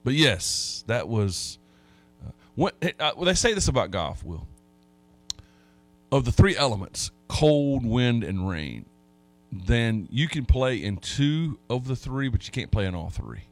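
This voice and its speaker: A man's voice: medium pitch, very animated, measured pace, faint music behind. A man hosting a sports talk radio show, telling stories in a folksy, rambling way with many restarts. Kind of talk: casual sports radio chat.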